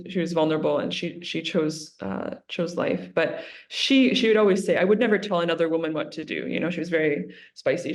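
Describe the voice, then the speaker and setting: A woman, a religious sister, talking earnestly in an interview and retelling a story with lively quotes. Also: fairly low pitch, vocal fry.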